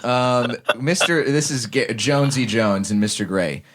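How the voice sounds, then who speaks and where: A man's voice: medium pitch, a little slow, fairly bright tone. A man co-hosting a casual movie podcast, joking and reading out film quotes. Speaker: podcast co-host.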